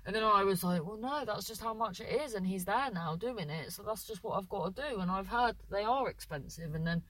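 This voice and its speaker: A woman's voice: mid-range voice, lively intonation, a little fast, fairly bright tone, no echo, low-quality recording. A young woman telling a long, rambling story in casual chat, correcting herself often and acting out what people said, with the odd swear word. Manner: rambling, self-correcting, with lots of "so then"; swears casually, acts out voices in quotes. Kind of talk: casual anecdote.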